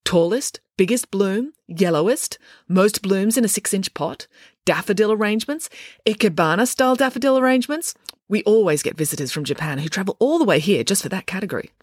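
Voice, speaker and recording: A woman's voice: medium pitch, lively intonation, brisk, no room sound, studio quality, pitched above the performer's own voice, natural voice. A woman voicing a pompous, vain middle-aged woman mayor with a grand, prickly manner. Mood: haughty.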